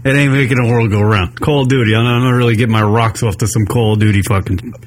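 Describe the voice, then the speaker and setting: A man co-hosting a radio talk show, swearing freely and mocking loudly in crude comedic banter. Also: medium pitch, steady tone, fast, a little hiss or hum. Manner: profane, loud, mocking. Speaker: co-host.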